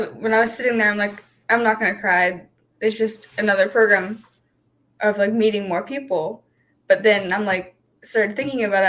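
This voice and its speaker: A woman's voice: medium pitch, a bit bright. A young woman, a youth program participant, speaking hesitantly with many fillers. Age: young adult. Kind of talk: casual emotional testimony.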